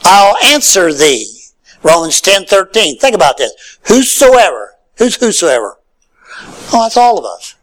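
A man preaching a sermon, swinging between loud emphatic lines and hushed low ones. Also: very animated, moderate pace, rough recording.

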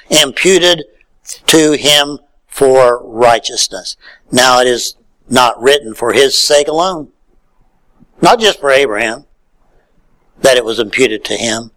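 A male pastor preaching a sermon in a folksy way, swinging from loud calls to near-whispered lines. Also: mid-range voice, low-quality recording.

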